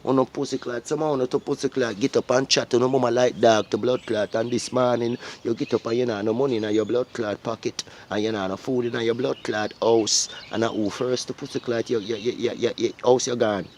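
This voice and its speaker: A man's voice: mid-range voice, steady tone, a little fast, few pauses, darkish tone, slight background noise. A Jamaican man delivers a preachy monologue straight to his audience. He swears heavily and keeps throwing questions back at the listener. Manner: preachy, profane, repeats questions like "Eh?". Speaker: vlogger. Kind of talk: ranting monologue to viewers.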